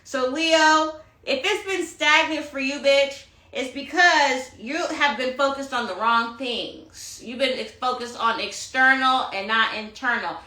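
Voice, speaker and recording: Sitting high and bright with a forceful tone, her voice keeps a measured pace with hardly any pauses, and the sound is roomy. A tarot reader on an Instagram live phone stream, she delivers a sassy, profane astrology rant about self-love, calling everyone honey.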